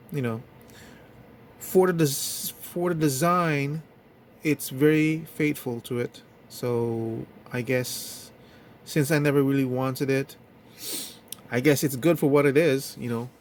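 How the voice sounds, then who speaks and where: In a relaxed action-figure review, a toy reviewer with a slightly high voice talks slowly and haltingly, leaning on many fillers. A faint hiss or hum runs under the audio.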